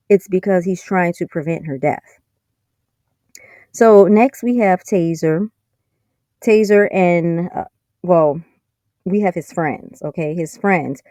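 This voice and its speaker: A woman's voice: fairly low pitch, mellow, dry recording, studio quality. A woman recapping a TV episode in a chatty, sarcastic way, full of fillers. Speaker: TV episode reviewer. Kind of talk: casual spoken recap.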